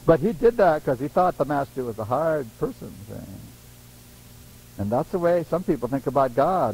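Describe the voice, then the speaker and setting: A man preaching a sermon in a lively way, laughing often and acting out the voices of people he quotes. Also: on the high side, normal speed, slightly rough, poor audio.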